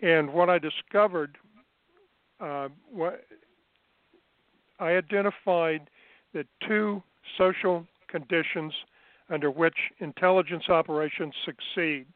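A man as an interview guest, recounting his past in an unhurried, measured way with frequent fillers, heard over a phone line. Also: on the high side, no echo. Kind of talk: remote interview, recounting experiences.

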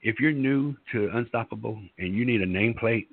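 A man's voice: mid-range voice, a little fast, gravelly, no room sound. A man co-hosting a casual online radio show, rambling and stammering playfully, heard over a phone line. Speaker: co-host.

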